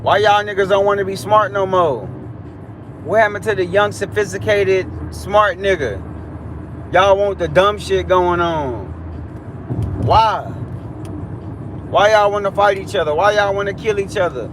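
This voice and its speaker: A young man with a high voice delivers a heated, preachy rant straight to his live-stream viewers, repeating himself. He is outdoors on a city street, with traffic noise clearly heard behind him. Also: unhurried, pauses often. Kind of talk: ranting live-stream monologue.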